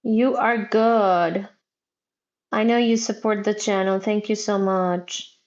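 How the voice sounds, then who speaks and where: A woman hosting a physics livestream in casual chat, reading viewer comments loudly and playfully, near shouting at times, wearing headphones. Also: medium pitch, fairly even intonation, takes it slowly, lo-fi sound.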